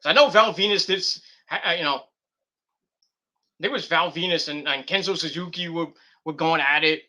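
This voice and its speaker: A man's voice: a little high, normal speed, bright, forceful tone. A man reviewing a wrestling show in a loose, rambling way, giggling and restarting his sentences. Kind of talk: rambling casual commentary.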